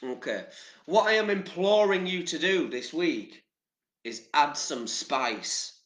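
A man's voice: a little high, expressive, slow, fairly bright tone, echoey room. An English man giving casual motivational talk to camera, chatty and rambling, with casual swearing. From England. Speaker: vlogger.

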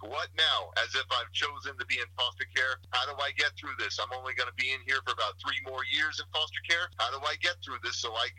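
A man's voice: medium pitch, pushed and bright, breathy edge, no echo, low-quality recording. A man giving a motivational talk as a podcast guest, preaching in rhythmic slogans and wordplay. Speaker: guest speaker.

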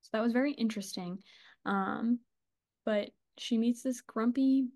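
A woman's voice: on the high side, unhurried, a little mellow. A woman co-hosting a casual book podcast, gushing and chatty, swearing and laughing as she talks. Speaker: podcast co-host.

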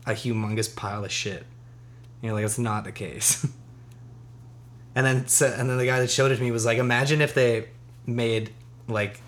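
A man's voice: medium pitch, steady tone, moderate pace, pauses often, a bit bright. A man co-hosting a casual podcast chat, rambling loosely, swearing freely and laughing often. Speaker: podcast co-host.

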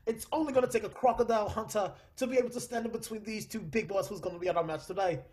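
A man's voice: sits high, fairly even intonation, rapid-fire, darkish tone, pitched above the performer's own voice, lightly acted. A man putting on a hammy Australian ghost emcee. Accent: attempted Australian. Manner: showy game-show moderator patter. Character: ghost of a boisterous male Australian wildlife host. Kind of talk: comedic impression.

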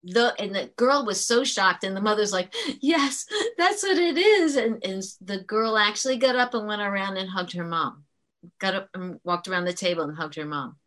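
A woman's voice: medium pitch, fairly even intonation, fairly quick, sharp tone. A woman who works as a teacher, talking earnestly in an interview and explaining her points with frequent restarts. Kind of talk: conversational interview storytelling.

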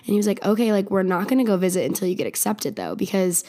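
A woman's voice: medium pitch, animated, fast talker, mellow. A young woman telling a personal story on her podcast in a chatty, casual way, filling her talk with "like" and acting out what people said. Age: young adult. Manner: chatty, says "like" constantly, reenacts dialogue. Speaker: podcast host.

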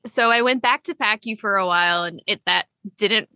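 A woman's voice: medium pitch, normal speed, sharp tone, no room sound. A woman in her thirties, a nurse, chatting candidly in an interview with plenty of fillers and self-corrections. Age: 30s. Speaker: nurse and clinical educator, guest. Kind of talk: casual interview chat.

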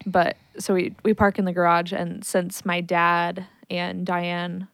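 A young woman co-hosting a casual podcast, trading quick remarks with her friend. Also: lowish voice, completely flat delivery, vocal fry, fairly bright tone, clear, resonant tone, no room sound. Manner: quick back-and-forth, short reactions. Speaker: podcast co-host. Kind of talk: casual chat.

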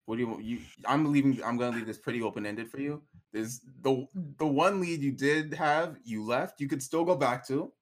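A man's voice: mid-range voice, moderate pace. A man narrating as game master, rambling with lots of "like" and "right?". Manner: rambling, filler-heavy with frequent "like" and "right?". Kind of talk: narrating a tabletop role-play.

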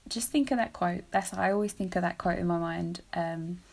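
Woman, 20s, podcast host, gravelly fry, emotional, self-deprecating, laughs a lot. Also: lowish voice, normal speed, a little mellow. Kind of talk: casual podcast chat.

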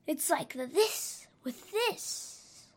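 A woman's voice: sits high, lively intonation, drawn-out words, voice pushed up, full character voice. A woman doing a dreamy cartoon sage. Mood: lofty. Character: dreamy poetic cartoon sage speaking wisdom.

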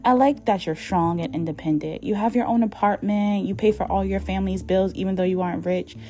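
A woman's voice: lowish voice, moderate pace, mellow, soft background music, close to an everyday voice. A woman reading the lines of a dismissive, manipulative young boyfriend in a story. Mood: pleading. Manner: dismissive then pleading.

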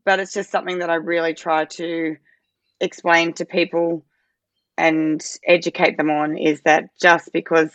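Earnest woman, lowish voice. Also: a bit bright, dry recording. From Australia. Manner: earnest, explaining, frequent "you know" and "I suppose". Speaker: podcast guest, parent advocate. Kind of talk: casual interview talk.

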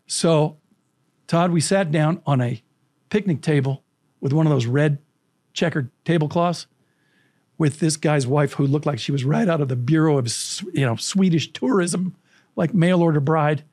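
Brief: male guest from California, lively storyteller, higher voice, dry booth sound. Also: moderate pace, no echo. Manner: animated, vivid anecdotal storytelling with acted quotes. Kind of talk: interview storytelling.

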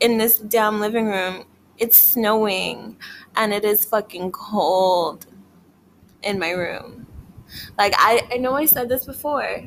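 A woman's voice: mid-range voice, fairly bright tone, slight background noise. A young woman vlogging casually from her living room, rambling, swearing often and filling every phrase with "like". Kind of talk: casual rambling chat to camera. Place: living room at home, indoors.

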